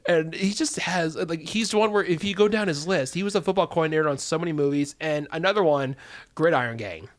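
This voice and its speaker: A man in his thirties hosts a relaxed movie chat, rushing through his thoughts at a quick clip. His voice sits a bit high, and he rambles, restarts sentences and laughs between them. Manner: rambling, self-interrupting, laughs often. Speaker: podcast host. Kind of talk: casual chat about movies.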